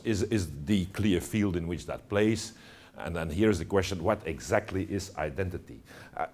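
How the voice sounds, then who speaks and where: A man's voice: lowish voice, a little mellow. A man lecturing to students, talking with many fillers and restarts and checking in with "all right?". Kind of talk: university lecture.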